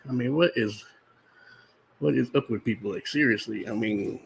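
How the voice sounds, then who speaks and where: Rambling man with a gravelly voice. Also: medium pitch, normal speed, poor audio. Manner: rambling, restarts often, talks while eating popcorn; exasperated, incredulous. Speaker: movie reviewer. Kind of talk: casual unscripted movie review vlog.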